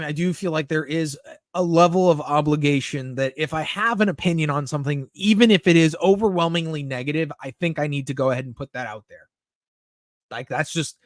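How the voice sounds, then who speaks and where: A man's voice: fairly high pitch, no echo. A young man chatting casually on a live stream, reading chat messages aloud and answering them candidly, swearing often.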